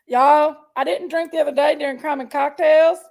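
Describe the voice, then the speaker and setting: A woman's voice: sits high, fairly even intonation, moderate pace, vocal fry, a little mellow. A woman hosting a casual livestream. She chats affectionately with viewers and greets them by name and pet name. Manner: chatty and affectionate, calls viewers pet names. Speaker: livestream host.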